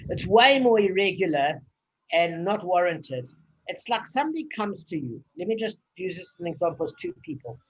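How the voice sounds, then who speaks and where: A man leads a casual study group, explaining texts at length and drifting into personal anecdotes. His voice is husky and his talk is full of fillers. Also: high-pitched, very animated, moderate pace, lo-fi sound. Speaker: Talmud study leader.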